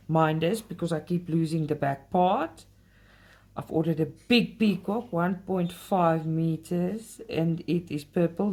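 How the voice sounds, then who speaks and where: A South African woman with a fairly low, darkish voice hosts a casual cross-stitch vlog. She talks directly to her viewers and gets heated when she complains.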